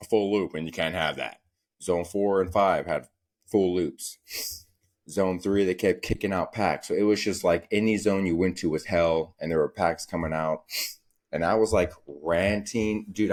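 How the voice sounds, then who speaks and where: A man's voice: sits low, darkish tone. A young man hosting a casual solo podcast, telling stories in a profane, rambling way. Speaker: podcast host.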